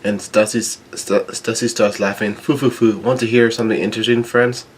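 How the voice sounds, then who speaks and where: Low-voiced man reading a comic, halting. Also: flat delivery, husky. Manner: halting, with frequent restarts and ums. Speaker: manga chapter reader. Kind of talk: reading a comic chapter aloud.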